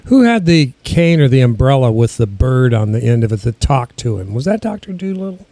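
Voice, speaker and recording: A man's voice: mid-range voice, sing-song, fairly quick, warm tone, dry recording. A man co-hosting a casual talk show, rambling as he talks. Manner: rambling, restarts, chuckles. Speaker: co-host. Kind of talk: casual chat.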